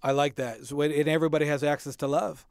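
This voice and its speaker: A male host with a slightly high voice who eagerly coaxes his guest to tell a story. The sound is dry and close. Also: fairly even intonation, quick pace, no echo. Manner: eager, coaxing prompts. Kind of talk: interviewing a guest.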